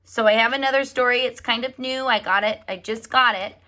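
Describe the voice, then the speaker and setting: A woman preschool teacher reading picture books aloud to young children, animated and often asking them questions. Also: on the high side, fairly quick. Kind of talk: storybook read-aloud for children.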